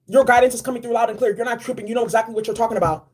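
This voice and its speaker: A woman giving a casual spiritual card reading, animated and slangy, repeating key phrases. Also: fairly high pitch, very fast, breathy edge. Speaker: tarot and oracle card reader.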